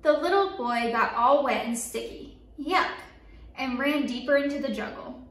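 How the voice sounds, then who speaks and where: Woman story-time reader, high voice, playful and animated, in an echoey room a little off the mic. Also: moderate pace, distant mic. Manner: lively, playful sound effects and call-and-response. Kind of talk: reading a picture book aloud to children.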